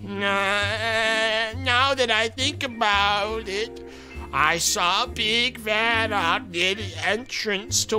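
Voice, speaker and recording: A streamer putting on a slow, quavery old lady. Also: medium pitch, sharp tone. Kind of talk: reading game dialogue aloud in character.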